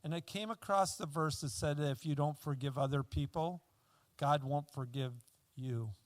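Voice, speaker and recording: A man's voice: fairly high pitch, moderate pace, dry recording, voice pushed down, lightly acted. A man voicing a bitter, grouchy older man, his lines quoted in a sermon story. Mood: weak, pleading. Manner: shouting angrily, then weak and pleading.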